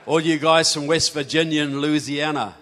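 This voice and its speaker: A man's voice: on the high side, steady tone, moderate pace, a bit bright. A man from New Zealand with a New Zealand accent giving a folksy, earnest speech to a live audience. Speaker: guest speaker. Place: large hall. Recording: hall reverb.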